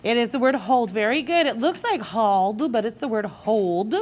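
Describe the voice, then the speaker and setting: A crowd can be heard in the background as a woman with a high, bright voice teaches young children to read in a guided reading lesson. She's animated and encouraging, slowing down to sound out each tricky word and prompting the class to read along.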